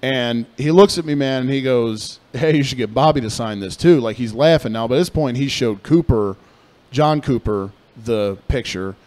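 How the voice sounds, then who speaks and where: Profane, animated man telling a story. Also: medium pitch, moderate pace. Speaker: podcast co-host. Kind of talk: casual storytelling chat.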